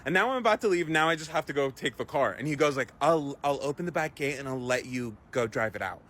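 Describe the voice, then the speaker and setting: A man telling a story in a quick clip, acting out the voices of the people in it and swearing freely. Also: fairly high pitch, slight background noise. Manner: animated, acts out quoted voices, swears freely. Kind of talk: casual storytelling.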